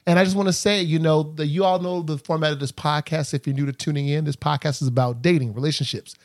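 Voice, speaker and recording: A man hosting a podcast, talking in a relaxed, casual way with lots of fillers and easy laughs. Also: fairly high pitch, fast talker. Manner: laid-back, filler-heavy, laughs easily. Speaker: podcast host.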